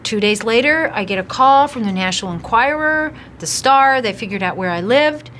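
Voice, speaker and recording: A woman's voice: fairly high pitch, animated, moderate pace, a bit bright, a little hiss or hum. A woman telling a story in an interview in a matter-of-fact, wry way. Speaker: cast member recalling a story.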